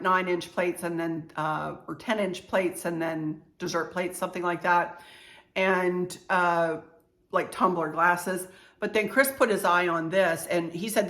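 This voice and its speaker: Her voice sits on the low side and is a bit bright. This woman in her sixties, a home decor vlogger, casually shows off purchases and family heirlooms at home in an echoey room, chatty and gushing, with frequent "you know" and "cute" remarks.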